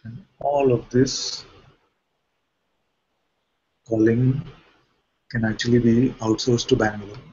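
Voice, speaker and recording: A man's voice: medium pitch, fairly even intonation, slow pace, pauses often, warm tone, husky, lo-fi sound. A man, a spiritual teacher, giving a playful, questioning satsang talk with light jokes.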